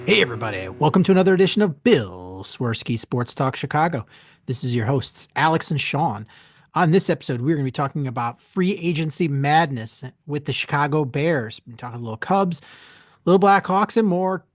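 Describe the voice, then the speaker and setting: A man co-hosts a casual sports podcast, speaking at a middle pitch and upbeat as he opens the show. The sound is dry and close, with no room around it. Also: lively intonation, fairly quick, dry recording. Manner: upbeat show opener, reads a sponsor spot. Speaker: podcast co-host.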